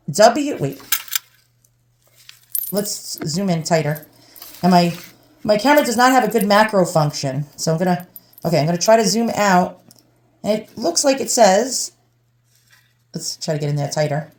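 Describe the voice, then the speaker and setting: Her medium-pitched voice carries a darkish tone as she opens antiques on camera. The middle-aged vlogger, with her New York accent, keeps up a chatty, rambling stream of thinking aloud.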